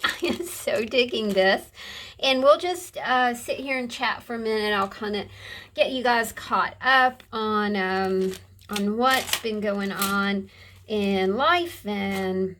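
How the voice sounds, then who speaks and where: A woman's voice: on the high side, a bit bright, a little hiss or hum. A woman vlogging in a casual, meandering chat as she decorates a journal. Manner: meandering, chatty and unhurried. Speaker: craft vlogger. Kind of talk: casual chat while crafting.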